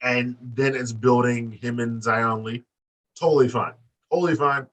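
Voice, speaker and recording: A man co-hosting a wrestling podcast, talking in loose, profane banter with big animated swings in his voice. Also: normal speed. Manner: animated, profane, acts out quotes with big pitch jumps. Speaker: podcast co-host. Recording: distant mic.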